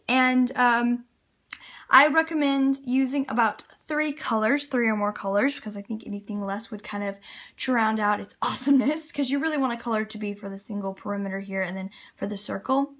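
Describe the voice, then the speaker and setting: Chatty woman with a fairly high voice. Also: moderate pace, fairly bright tone. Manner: chatty, filler-heavy, upbeat. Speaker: craft tutorial host. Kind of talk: casual how-to narration. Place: home, at a table by a window.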